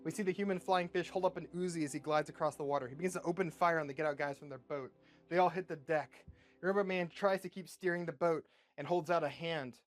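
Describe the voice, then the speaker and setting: Young male host, deadpan comic movie-pitch narrator, slightly high voice. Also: faint music behind. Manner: brisk, deadpan storytelling with swearing asides.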